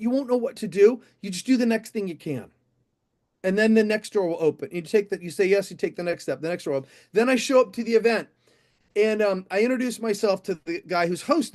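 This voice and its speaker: A middle-aged man, a motivational speaker, telling an animated story on stage and speaking straight to a live audience. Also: high-pitched. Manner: animated, addresses the audience directly.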